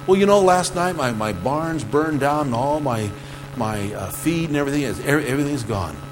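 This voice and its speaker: A man acting out an old farmer in his sermon, speaking haltingly and downcast. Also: fairly high pitch, wildly swooping pitch, in a large hall, over music, rough recording. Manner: hesitant, halting.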